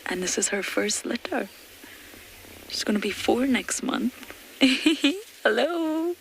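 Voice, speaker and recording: Lady safari guide on a live drive, all excited n emotional, whispers sometimes, mid pitch, bit of outdoor noise. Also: measured pace, creaky, poor audio.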